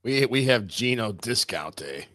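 A man's voice: fairly low pitch, very animated, a little slow, a bit bright, dry recording. A man co-hosting a casual livestream, chiming in with short, laid-back remarks and chuckles. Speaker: co-host.

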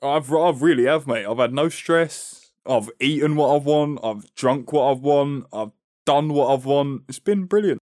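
A man's voice: medium pitch, measured pace, darkish tone, no room sound, studio quality. A young man with a London accent, co-hosting a casual podcast, laid-back and slangy, often repeating his words. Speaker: podcast co-host. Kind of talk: casual chat.

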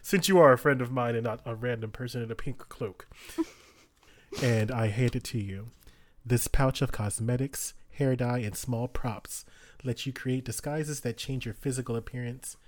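A man's voice: mid-range voice, normal speed, dry recording. A man acting as game master, narrating and teasing the players, often breaking into giggles.

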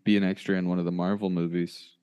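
A man's voice: deep voice, flat delivery, fast, dark tone, smooth. A man hosting a casual podcast chat, playful and bantering with his co-host.

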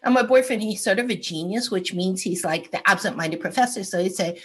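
A woman in her sixties, an actress, telling animated, self-mocking stories with frequent laughter in a casual interview. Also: mid-range voice, brisk, a little hiss or hum. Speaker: actress guest.

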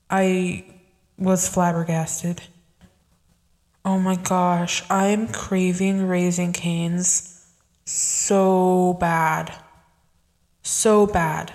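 A young woman hosting a casual solo podcast, reacting to tweets in a chatty, rambling way with quick asides. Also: lowish voice, a little mellow. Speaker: podcast host.

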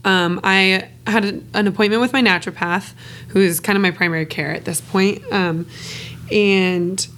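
A woman's voice: mid-range voice, steady tone, normal speed, a bit bright, slight background noise. A woman co-hosting a podcast, talking openly and casually, swearing freely and laughing between phrases. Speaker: podcast co-host. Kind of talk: candid casual podcast chat.

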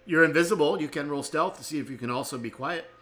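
A man's voice: on the high side, fast, fairly bright tone, faint music behind. A man running a tabletop game as game master, chatty and laughing often.

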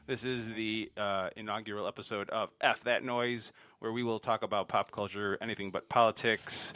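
A man's voice: fairly low pitch, steady tone, moderate pace, bright, forceful tone. A man hosting a casual pop culture podcast with a jokey, loose way of talking. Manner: jokey, loose, plays sound effects. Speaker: podcast host. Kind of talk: casual chat.

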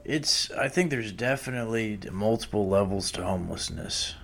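A man's voice: lowish voice, expressive, moderate pace, gravelly, a bit bright. A man in casual conversation, laid-back and hedging his points with frequent fillers.

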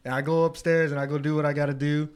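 A man in casual chat, telling a story with lots of swearing and high-pitched quoted voices. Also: level tone, quick pace, smooth.

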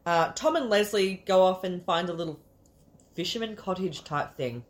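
A woman's voice: lowish voice, moderate pace. A woman co-hosting a casual movie podcast, swearing freely and laughing often. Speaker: podcast co-host. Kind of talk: casual movie review chat.

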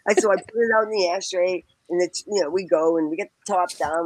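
A woman's voice: quick pace, hardly any pauses, darkish tone, low-quality recording. A woman telling a personal story with animation, acting out the people she quotes and laughing as she goes. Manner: acts out quoted people with big pitch jumps, laughs while talking.

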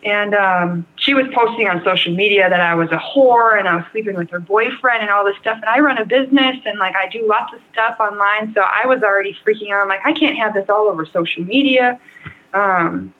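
A young woman speaks candidly as a guest, her story tumbling out in loose, rambling sentences full of "like" and "um". Her voice sits in an ordinary middle pitch. It comes through a narrow, tinny remote-call connection from her computer. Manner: rambling, frank, heavy use of "like" and "um". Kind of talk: candid personal story in an interview. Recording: tinny phone-like line.

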